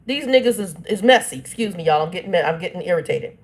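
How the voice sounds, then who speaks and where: A woman's voice: lowish voice, animated, quick pace. A woman, telling a family dispute in a casual vlog. She reads text messages aloud and breaks in with blunt, irritated asides. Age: 50s. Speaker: channel host.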